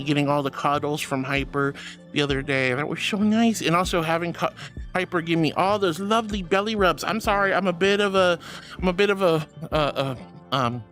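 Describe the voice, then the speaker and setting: A woman's voice: low voice, a bit bright. A woman streaming casually, reading chat messages aloud and thanking viewers in a gushing, affectionate way.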